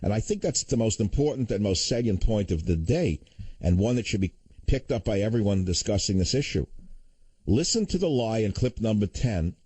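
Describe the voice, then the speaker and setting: A man's voice: lowish voice, lively intonation, normal speed, dark tone, breathy edge, no room sound, rough recording. A man hosting a political talk radio show, ranting in a combative, insulting manner.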